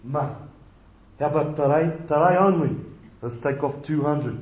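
A man's voice: on the high side, unhurried, darkish tone, natural voice. A man voicing a greasy, shifty used-car salesman with pushy sales patter, in a roomy, dull recording. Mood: slick pitching.

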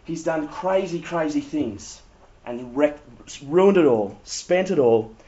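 A man preaching a sermon, telling stories with animated humor. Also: fairly high pitch, slow. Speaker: pastor. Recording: dull lo-fi sound.

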